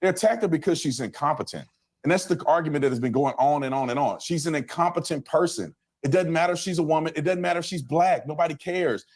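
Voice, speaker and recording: A man's voice: a little high, fast, a little mellow. A man arguing insistently as a debate guest, repeating his points. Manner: insistent, repetitive. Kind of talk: heated debate.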